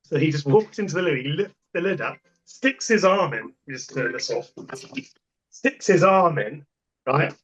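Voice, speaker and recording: A man's voice: fairly high pitch, animated, moderate pace, fairly bright tone. A man, a podcast guest, telling stories in a casual, emphatic way and repeating himself for effect. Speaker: portable toilet supplier, podcast guest. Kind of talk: casual storytelling. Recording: dull lo-fi sound.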